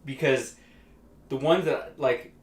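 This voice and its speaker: A man co-hosting a podcast in casual chat, firing off quick teasing questions. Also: mid-range voice. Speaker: podcast co-host. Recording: roomy echoey room.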